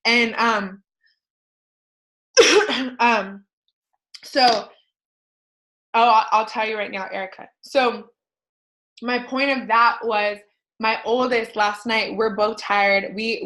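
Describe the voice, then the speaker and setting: A woman in her thirties, a podcast host, talking casually to her listeners in a rambling, animated way, full of fillers and tangents. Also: medium pitch, low-quality recording. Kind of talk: casual personal talk to listeners.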